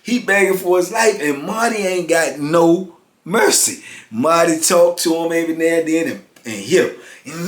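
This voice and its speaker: Man, 50s, casual slangy storyteller, slightly high voice, echoey room. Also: moderate pace. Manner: animated, slangy, peppered with "man" and "you know". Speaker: storyteller recounting prison life. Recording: roomy echo.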